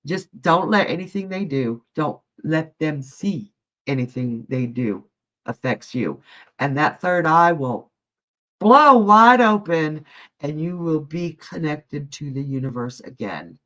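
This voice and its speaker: A woman's voice: low-pitched, animated, slow pace, fairly bright tone. Lady psychic chatting live to viewers, calls em honey, kinda muffled stream audio. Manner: chatty, folksy, addresses viewers as honey and love. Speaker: psychic reader hosting a live show.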